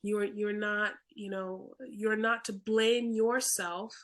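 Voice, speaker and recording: A woman's voice: medium pitch, fairly even intonation, slow, fairly bright tone. A young adult woman hosting a podcast in casual interview chat, chatty and stumbling over her words with lots of fillers. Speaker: podcast host.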